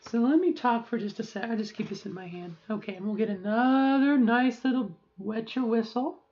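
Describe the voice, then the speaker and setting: A woman's voice: a little high, moderate pace. A middle-aged woman practices speaking in a raised, careful voice that sounds a little tight as she monitors herself. The recording is dull and lo-fi. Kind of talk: voice training practice, raised pitch.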